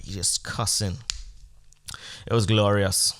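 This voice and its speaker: A man's voice: fairly low pitch, normal speed, a bit bright. A man hosting a podcast, telling a comedic story in a rambling, profane, mock-earnest way. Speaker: podcast host.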